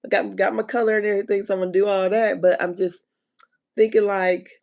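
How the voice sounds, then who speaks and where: Gravelly-voiced woman in animated live-stream chat. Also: medium pitch, fast talker. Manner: animated, laughing, slangy and exclaiming. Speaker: reality TV commentator.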